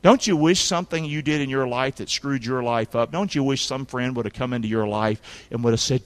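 A man preaching a sermon as a pastor, with emphatic call-and-response and sudden shouted lines for emphasis. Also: mid-range voice, animated, moderate pace. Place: church sanctuary.

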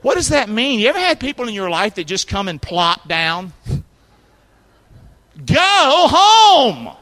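A man preaching a sermon as a pastor, with emphatic call-and-response and sudden shouted lines for emphasis. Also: high voice, very animated, fairly quick. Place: church sanctuary.

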